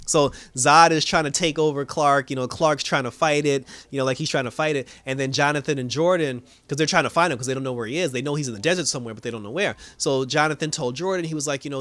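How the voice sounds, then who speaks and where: A man with a fairly high voice casually recaps a TV episode in a dry recording. As a reviewer, he animatedly acts out the characters' lines, laughing frequently and using plenty of fillers.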